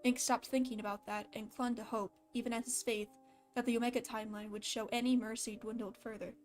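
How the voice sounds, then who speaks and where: A woman with a slight lisp reads a fan story aloud in a casual way. She breaks off now and then to laugh and comment. Her voice sits fairly high, with faint music in the background. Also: flat delivery, fairly quick. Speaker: fan fiction reader.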